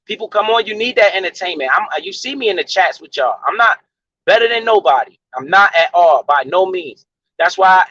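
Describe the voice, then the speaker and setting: A man talks in a high, sharp voice, ranting to his stream with profanity and a preachy emphasis. The sound is dull and lo-fi, recorded dry and close with no room around it. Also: breathy edge, dry recording. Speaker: livestream host. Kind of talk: casual livestream rant about money.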